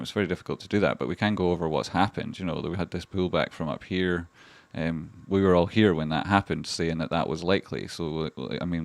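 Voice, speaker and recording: Sweary deep-voiced Scottish man. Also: no echo. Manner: heavy swearing, rambling and chatty. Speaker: livestream host. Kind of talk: casual livestream chart commentary.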